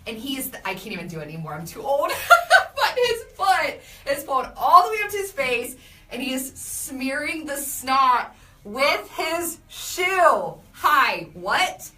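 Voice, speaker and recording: A young adult woman hosting a casual live video, reading viewer comments and telling animated stories about her kids. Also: high-pitched, normal speed, echoey room, recorded from a distance. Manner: chatty, animated storytelling with laughs. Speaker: radio host doing a live video.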